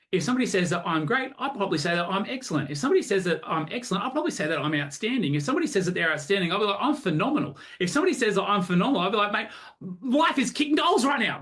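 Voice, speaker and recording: Upbeat aussie guy coaching on a video call, fairly high voice, acts out little chats. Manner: energetic, animated, acts out both sides of chats. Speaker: sales coach.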